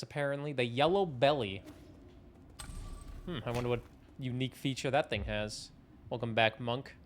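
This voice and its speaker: A young man streaming a game live, chatting in a rambling, self-mocking way and swearing casually. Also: on the high side. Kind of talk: casual live-stream chat while gaming.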